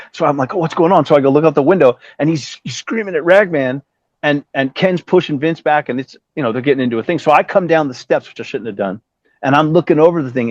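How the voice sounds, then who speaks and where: A man's voice: mid-range voice, no room sound, dull audio. A middle-aged man, a guest musician, telling a long rambling story in a casual interview, acting out the lines of the people in it. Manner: rambling anecdote with acted-out quotes and profanity.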